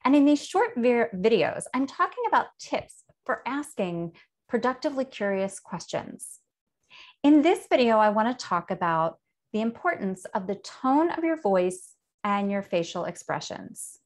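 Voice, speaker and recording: A woman's voice: a little high, big pitch swings, unhurried. A woman hosting a show, explaining a tip to camera in an earnest, instructive way. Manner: earnest, explanatory, demonstrates tones of voice. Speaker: host.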